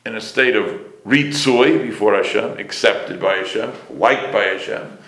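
A man's voice: on the low side, a little slow, few pauses, a bit bright, roomy sound. A man teaching a class as a rabbi. He explains Hebrew phrases, repeats key words and asks the class questions, with pronunciation. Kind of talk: Torah class lecture.

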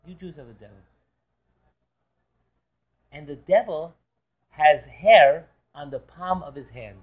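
A man quoting a scornful Nazi officer in a low, cold, mocking voice, on a dull lo-fi recording. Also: slow.

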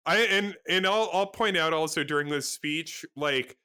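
A man's voice: fairly high pitch, moderate pace, noisy background. A man co-hosting a casual podcast, rambling enthusiastically about a TV episode with casual swearing. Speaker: podcast co-host. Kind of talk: casual chat recapping a TV episode.

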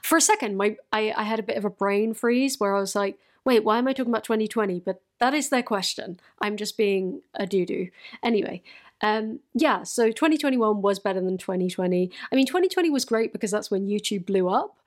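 A woman's voice: mid-range voice, animated, a little fast. A young woman, chatting casually and answering viewer questions on her channel, often laughing and poking fun at herself. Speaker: YouTuber. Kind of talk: casual chat, Q and A.

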